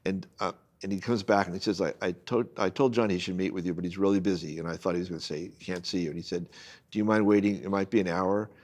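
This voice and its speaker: A man's voice: low voice, fast. An older man, a guest photojournalist, telling a long personal anecdote in casual conversation and acting out the people in it. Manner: animated anecdote-telling, acts out quoted people.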